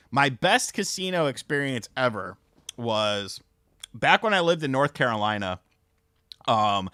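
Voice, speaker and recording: Animated, profane streamer man. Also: on the low side, no room sound, clean studio sound. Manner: rambling, profane, frequent fillers. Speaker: livestream host. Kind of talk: casual stream chat and storytelling.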